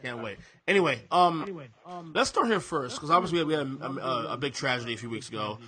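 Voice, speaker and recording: A man's voice: medium pitch, expressive, quick pace, crowd noise. A man in his thirties hosting a podcast in casual chat, often stammering and repeating words and laughing easily. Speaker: podcast host.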